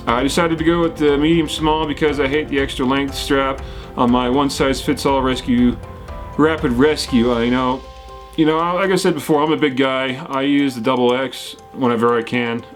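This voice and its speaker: A whitewater kayaking channel host answers viewers in a casual Q&A video, reading their comments over soft background music. His medium-pitched voice is steady at a moderate pace, and he's friendly and rambling, with lots of fillers and restarts.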